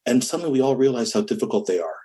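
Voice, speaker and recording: A man recounts studio mishaps in a loose, chatty interview. He talks in bursts, restarts sentences, laughs along with his own stories and hums drum patterns out loud. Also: mid-range voice, racing. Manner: animated, laughing, hums rhythms, many restarts. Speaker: musician guest. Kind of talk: casual storytelling interview.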